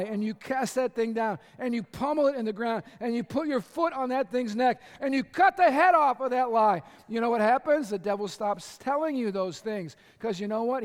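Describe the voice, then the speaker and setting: Male pastor, impassioned sermon, very high voice, echoey church hall. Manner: impassioned, building to shouts. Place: church sanctuary.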